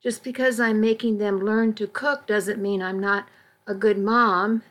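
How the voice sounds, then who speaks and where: A woman's voice: medium pitch, fairly even intonation, measured pace, a bit bright, close to an everyday voice. A woman reading as a bitter, defiant drinker. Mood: defiant, furious. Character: defensive, angry woman who drinks too much. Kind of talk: audiobook reading.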